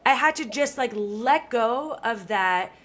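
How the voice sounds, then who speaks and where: A woman in her thirties hosting a podcast, talking in a chatty, animated way full of "like" fillers. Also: a little high, takes it slowly. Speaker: podcast host. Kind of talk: casual conversational chat.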